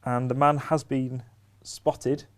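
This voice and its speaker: A man co-presenting local news in a casual studio chat, pausing often with ums and restarts. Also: medium pitch, flat delivery. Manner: hesitant, lots of ums and restarts.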